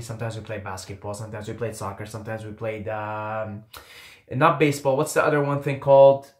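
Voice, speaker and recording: In a roomy-sounding space, a young Middle Eastern vlogger whose first language isn't English tells his own story in a slightly high voice. He's casual, animated, and self-mocking, and he swears freely.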